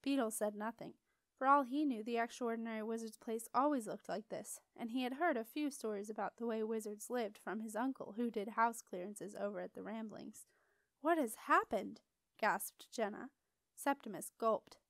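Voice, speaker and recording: A woman reading a children's storybook aloud with expressive, lively storytelling. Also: fairly high pitch, fairly quick, dry recording. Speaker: audiobook reader. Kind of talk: storybook narration.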